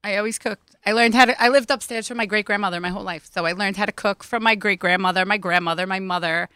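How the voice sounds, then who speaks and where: A woman's voice: medium pitch, steady tone, fast, sharp tone, clean tone, dry recording. A woman in her thirties, a home cook turned food business owner, talking eagerly as a radio guest. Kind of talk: casual chat.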